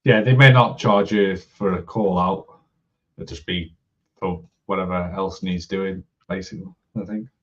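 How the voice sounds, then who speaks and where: A man hosting a livestream in casual chat, laid-back and quick to laugh. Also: deep voice, steady tone, fairly bright tone, far from the mic. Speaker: livestream host. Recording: dull lo-fi sound.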